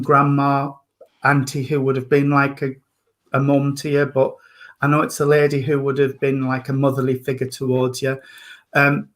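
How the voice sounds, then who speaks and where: A man, a reverend and medium, hosting an online service with affectionate, chatty readings over a video call. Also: medium pitch. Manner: affectionate, calls people darling and sweetheart.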